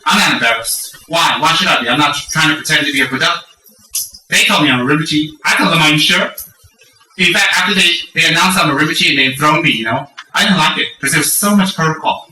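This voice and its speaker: A middle-aged man giving a Dharma talk, candid and self-mocking, acting out lively stories. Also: fairly high pitch, fast talker, distant mic, soft background music. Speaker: Buddhist teacher. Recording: roomy echo from off-mic.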